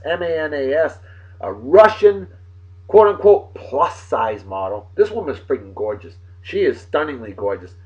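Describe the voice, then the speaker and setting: A man hosting his own casual webcast, rambling and crude and quick to get riled. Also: fairly high pitch, husky, dull audio. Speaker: show host.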